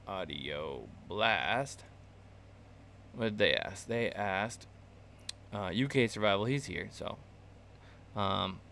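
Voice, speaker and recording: Here the channel host sounds fairly low but with a fairly bright tone, and there's slight noise behind him. Teaching his casual live-stream class for video creators, he rambles loosely, stumbles through fillers and restarts, and chuckles at his own asides.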